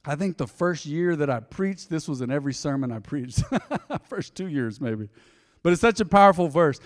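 Middle-aged male pastor, folksy sermon delivery with acted-out quotes, high voice, reverberant church hall. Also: animated, normal speed. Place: church sanctuary.

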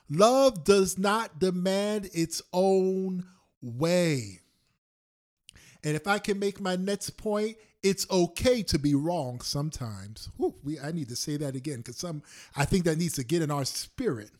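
A male pastor preaching a sermon on a prayer call, repeating lines slowly for emphasis and swinging between loud and soft. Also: on the high side. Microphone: phone call.

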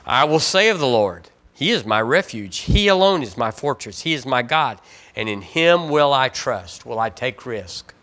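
A Southern US male pastor delivers a sermon in a church sanctuary, his medium-pitched voice slightly bright and sing-song at a moderate pace. Reading scripture aloud, he leads the congregation in repeating lines back to him, using call-and-response and rising, emphatic repeated phrases.

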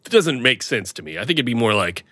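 A man chatting on a comedy podcast, his pitch bouncing all over the place. His voice is bright and forward, and the recording is close and dry with no room sound. He stays playful and keeps breaking into silly voices. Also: big pitch swings, a little fast, dry recording. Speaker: podcast co-host. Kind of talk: casual comedic chat.

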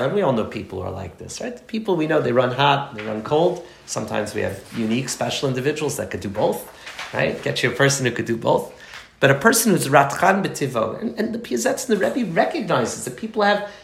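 A man's voice: mid-range voice, creaky, roomy sound. A man leading a study class in a chatty, rambling lecture full of asides. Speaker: teacher leading a parenting study circle.

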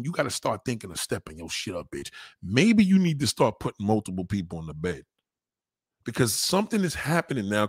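A brash man delivering raunchy stand-up with a husky, slightly rough voice. His pitch jumps up and down as he acts out the people in his stories. The sound is dry and close, with no room echo. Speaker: stand-up comedian. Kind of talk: profane stand-up routine.

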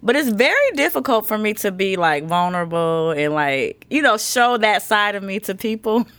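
A young woman co-hosts a casual podcast, ribbing her partner and telling stories with a playful edge. Her pitch swings widely as she talks. The sound is dry, with no room around it. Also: moderate pace, no echo. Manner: playful, teasing, animated storyteller. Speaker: podcast co-host. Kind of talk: casual chat.

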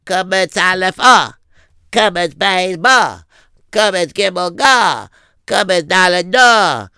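A man voicing a little boy learning to read, chanting letters and verses in a slow, higher singsong. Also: pushed and bright, smooth, no echo, clean studio sound, heavily acted.

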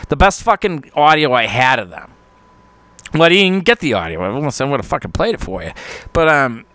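A man's voice: fairly low pitch, a bit bright. Foul-mouthed rambling podcast host man. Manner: rambling, swears constantly, laughs often. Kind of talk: casual podcast monologue.

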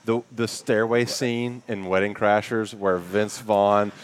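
A man's voice: lowish voice, flat delivery, slow pace, a little hiss or hum. A man co-hosting a podcast, chatting casually and retelling movie scenes with laughter and animation. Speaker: podcast co-host. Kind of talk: casual chat.

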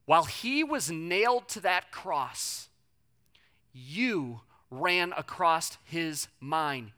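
A preacher gives a sermon in a bright, forward voice, talking straight to the listeners. The delivery is dramatic, rising to loud emphasis and then dropping soft and slow. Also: medium pitch, lively intonation. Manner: addresses listeners directly.

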